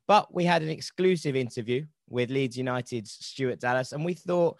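A man's voice: mid-range voice, brisk, no room sound, studio quality. A man hosting a casual football podcast, rambling and wry, correcting himself as he goes. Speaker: podcast host.

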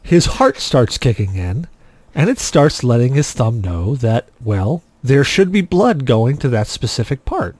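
A man hosting a casual podcast, telling a story with lively acted-out quotes. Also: mid-range voice, unhurried, no room sound. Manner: animated storyteller, acts out quotes loudly. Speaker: podcast host.

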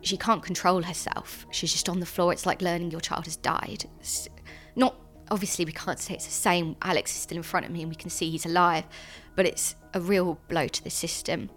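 Young adult woman, lower register, earnest and hesitant interviewee, soft music underneath. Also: steady tone. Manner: earnest, halting, with frequent ums and restarts. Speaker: interviewee, sister of a convicted man. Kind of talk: personal account in an interview.

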